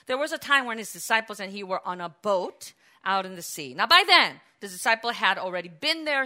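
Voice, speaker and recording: A woman preaching a sermon, telling the story with animated energy and acting out the voices in it, now and then breaking into shouts. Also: mid-range voice.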